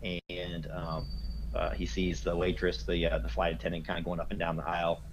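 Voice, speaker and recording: Man, deep voice, game master narrating a tabletop game, rambling with fillers, audible background noise. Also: monotone, moderate pace.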